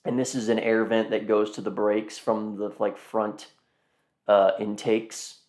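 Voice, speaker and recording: A man's voice: lowish voice, flat delivery, unhurried, darkish tone. Rambling man hosting a car stream. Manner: rambling, talks to viewers as "guys", repeats himself. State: yawning, tired. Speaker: car auction livestream host. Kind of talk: casual live commentary.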